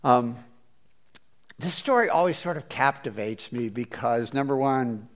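A man preaching a conversational sermon, chatty and animated, with hesitant restarts as he talks. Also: medium pitch, unhurried. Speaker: pastor.

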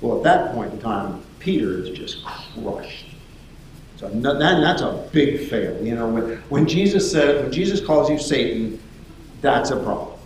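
A man preaching a sermon as lively storytelling, acting out the voices of the people in his story. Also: medium pitch, unhurried, a little hiss or hum. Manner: animated storytelling, acts out voices. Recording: echoey hall.

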